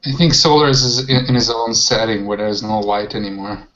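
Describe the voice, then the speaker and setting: A man's voice: fairly low pitch, flat delivery, moderate pace, a bit bright. A man playing a tabletop game, speaking hesitantly with fillers, on a dull lo-fi recording. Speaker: player. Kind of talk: casual tabletop play. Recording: dull lo-fi recording with faint hiss.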